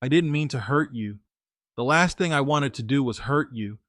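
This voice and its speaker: A man voicing a distraught young ex-girlfriend, pleading in a raised, higher voice. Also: normal speed, a bit bright, dry recording, studio quality, close to an everyday voice.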